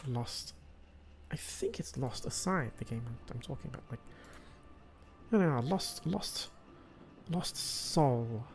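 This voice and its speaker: A man's voice: medium pitch, creaky. A man streaming a video game, rambling with lots of hesitations and fillers. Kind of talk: casual gameplay livestream commentary.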